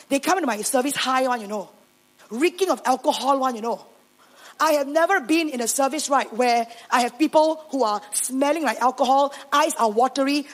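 A Singaporean woman pastor telling her story in a sermon, animated and sprinkling in Singlish particles. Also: high-pitched. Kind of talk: sermon testimony.

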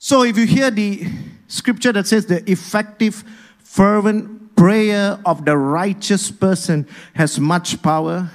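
A man delivers a sermon from the pulpit, with a voice pitched well above most men. He speaks with energy and keeps calling on the congregation to answer and repeat his words. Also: takes it slowly. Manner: energetic, rousing congregation to respond. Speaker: pastor.

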